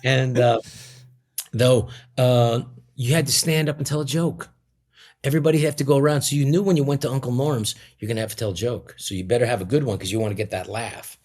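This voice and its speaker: A man's voice: mid-range voice, fairly even intonation, brisk, darkish tone. A middle-aged man being interviewed as a comedian guest, telling stories in a rambling way with many restarts and fillers. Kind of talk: casual interview storytelling.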